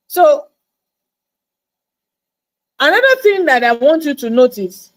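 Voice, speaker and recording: A woman coaches her listeners in an emphatic motivational talk. Her voice sits high, and she repeats words for stress. She acts out the doubts of her audience in quoted asides. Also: big pitch swings, slow pace, rough recording. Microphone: livestream mic.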